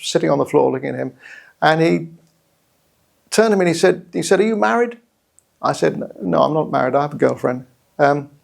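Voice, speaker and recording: A middle-aged man with a British accent, telling his own story in a measured, reflective way with hesitant restarts. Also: fairly high pitch, creaky. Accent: British English. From England. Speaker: guest storyteller. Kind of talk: personal story told to camera.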